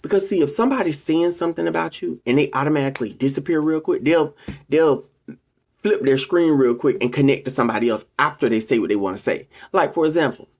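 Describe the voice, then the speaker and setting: A vlogger giving a casual monologue to viewers. The speaker preaches, calls the audience ladies and gentlemen, and acts out what other people say in a raised voice. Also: mid-range voice, fast talker.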